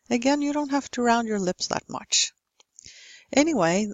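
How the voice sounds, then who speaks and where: A woman with a Norwegian accent giving a pronunciation lesson, saying example words slowly and carefully. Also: a little high, dry recording. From Norway. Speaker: English pronunciation teacher.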